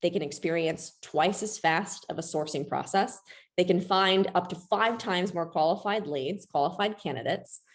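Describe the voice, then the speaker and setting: A woman leads an online webinar in an easy, conversational manner, peppering her talk with "like." Her voice sits low and carries a gravelly fry. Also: moderate pace. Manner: chatty, frequent "like", upbeat. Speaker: webinar presenter. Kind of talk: casual webinar presentation.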